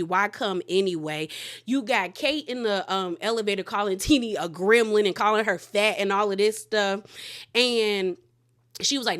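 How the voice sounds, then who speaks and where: A woman recapping a reality TV episode in casual, animated storytelling, acting out the quotes as she goes. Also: mid-range voice.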